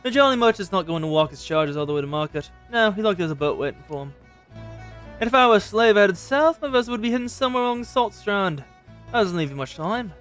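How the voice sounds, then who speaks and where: A gruff old shipwright with a rough, folksy way of talking, voiced by a man reading a game aloud. His voice sits fairly high and moves a lot. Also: animated, quick pace, a bit bright, faint music behind. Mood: conspiratorial.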